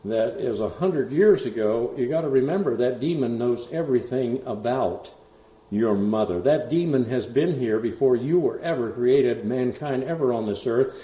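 A man preaching in a folksy, rambling way, full of fillers and asides, who rises to loud, emphatic bursts on scripture. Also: medium pitch, normal speed. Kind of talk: folksy sermon storytelling. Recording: roomy, dull lo-fi recording.

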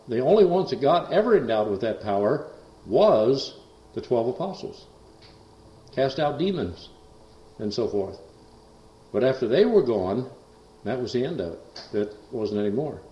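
A man preaching in a folksy, rambling way, full of fillers and asides, who rises to loud, emphatic bursts on scripture. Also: mid-range voice. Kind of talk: folksy sermon storytelling. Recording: roomy, dull lo-fi recording.

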